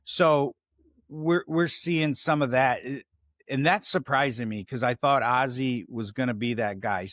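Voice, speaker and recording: This sports podcast host, a man with a Chicago accent, curses freely, rambles, and breaks off his own lines on a casual talk show. His voice is a little high and a bit bright, with studio-quality sound and no room noise.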